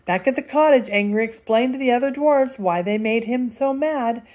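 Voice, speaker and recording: An older woman reading a children's story aloud as narrator, lively and expressive. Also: on the high side, moderate pace. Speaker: storybook reader.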